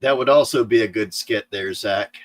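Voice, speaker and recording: A man's voice: fairly low pitch, moderate pace, no room sound. A man joking and riffing in a casual livestream chat. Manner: joking, riffs on ideas.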